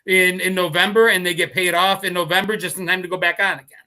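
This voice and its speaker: Podcast co-host, man in his fifties, high and very bright voice, animated storyteller. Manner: animated storytelling, quick to laugh. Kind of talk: casual live podcast chat.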